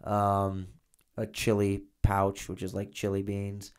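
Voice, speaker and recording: A man's voice: fairly low pitch, completely flat delivery, slow, clean tone. A man co-hosting a podcast, telling loose, filler-heavy stories in casual chat. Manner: rambling, filler-heavy storytelling. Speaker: podcast co-host, former inmate.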